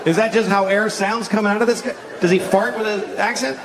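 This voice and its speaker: A sardonic man doing a stand-up set on a club stage, building to shouted rants, over a loud crowd. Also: high-pitched, fairly even intonation, brisk, very noisy. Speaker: stand-up comedian.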